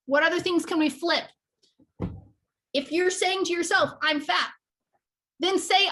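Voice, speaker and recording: A woman speaks with a high, bright, ringing voice. She coaches her listeners with fervent emphasis, stacking repetitions and checking in with a quick "okay?" as she drives each point home. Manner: passionate, emphatic, repeats "okay?". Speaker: business coach. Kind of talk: motivational talk to camera.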